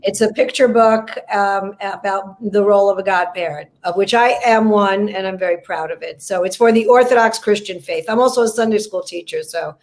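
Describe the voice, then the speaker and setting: A woman's voice: medium pitch, brisk, few pauses. A woman guest on a video chat, talking earnestly about her book with many ums and uhs. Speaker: guest, comedian and author. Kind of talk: casual chat.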